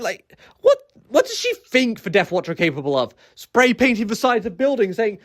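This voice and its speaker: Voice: mid-range voice, huge pitch swings, normal speed. A video essayist ranting casually, rambling through many fillers and restarts with exasperated, incredulous asides.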